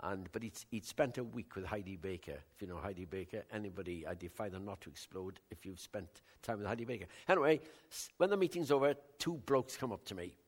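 An older man from West Wales with a West Welsh accent, a Christian minister telling rambling, animated stories of his week in a casual talk. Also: lowish voice, fast talker, hardly any pauses. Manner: rambling, animated storytelling with many restarts.

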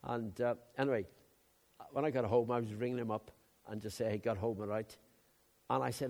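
A man preaching a sermon, telling personal stories in a chatty way with loud emphatic bursts. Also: mid-range voice, steady tone, brisk, long pauses.

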